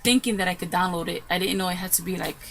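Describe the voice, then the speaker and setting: A woman crafting vlogger telling a story in a casual, excitable way, recorded in her room at home. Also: fairly low pitch, fast talker, creaky, noisy background. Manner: chatty, excitable, retells with quoted asides.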